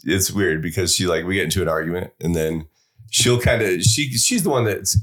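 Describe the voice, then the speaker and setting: A man's voice: deep voice, brisk, a bit bright. A young man co-hosting a podcast in casual chat, joking, rambling and self-mocking. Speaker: podcast co-host.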